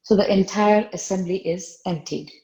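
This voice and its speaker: A woman's voice: mid-range voice, moderate pace, mellow, echoey room, poor audio. A woman retelling a spiritual story in a conversational way, often repeating phrases for emphasis.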